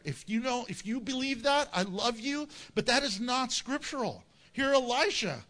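Animated high-voiced male pastor preaching. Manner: animated, jokey, acts out quoted voices. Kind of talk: sermon.

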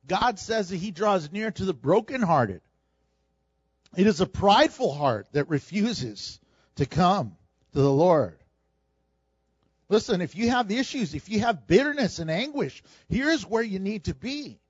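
Male pastor, sermon, high voice, very expressive pitch, animated, humorous asides. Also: a little slow, husky, no room sound, lo-fi sound. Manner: animated preaching, acts out quoted voices with humor.

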